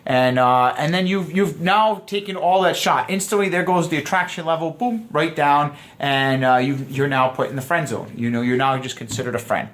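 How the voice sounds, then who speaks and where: A man's voice: a little high, moderate pace, hardly any pauses, fairly bright tone. A man teaching a dating course in a loose, conversational way, often acting out sample lines. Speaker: dating coach. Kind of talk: casual course lecture.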